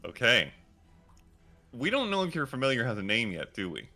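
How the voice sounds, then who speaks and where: A man acting as dungeon master, narrating a tabletop game scene slowly and descriptively, with frequent fillers. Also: mid-range voice, huge pitch swings, pushed and bright.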